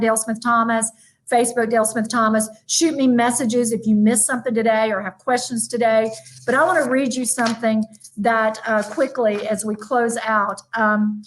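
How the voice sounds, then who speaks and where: A woman giving a lively, emphatic motivational keynote, talking straight to her audience. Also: fairly high pitch. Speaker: motivational speaker. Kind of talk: virtual keynote talk.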